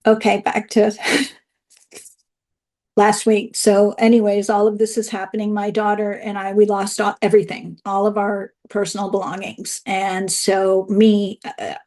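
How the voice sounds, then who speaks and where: Woman, mid-pitch, candid personal testimony on a video call, emotional and plainspoken. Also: completely flat delivery, measured pace, a little mellow. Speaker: speaker at an online event.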